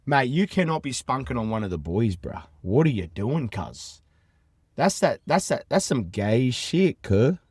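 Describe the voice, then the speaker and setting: A brash Australian man hosts a crude, casual podcast from inside his van. He talks loud and rowdy, full of swearing and matey banter aimed at his listeners. His voice sits in an ordinary middle register and sounds close and dry, with no room echo. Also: mid-range voice, big pitch swings, measured pace, breathy edge. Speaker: podcast host.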